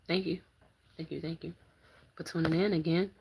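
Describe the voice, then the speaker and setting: A woman's voice: sits low, fairly even intonation, moderate pace, creaky, long pauses, warm tone, breathy edge. A woman chatting casually on a live stream while packing up her bedroom, greeting viewers and praising God. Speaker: vlogger.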